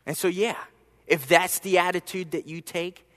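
A man preaching a sermon, telling a personal story, with soft asides and emphatic rises. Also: high voice, fairly even intonation, normal speed, in a large hall. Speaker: pastor.

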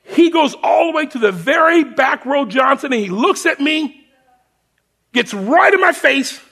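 A male preacher tells a personal story from the pulpit as an animated sermon. His voice sits high and swings widely in pitch. It has a bright, gravelly edge. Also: moderate pace. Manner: animated storyteller addressing a congregation.

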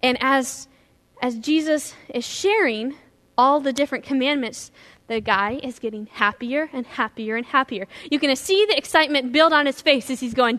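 A woman pastor preaching a sermon, retelling a story in a lively storytelling way. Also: high-pitched, normal speed. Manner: animated storytelling, acting out scenes.

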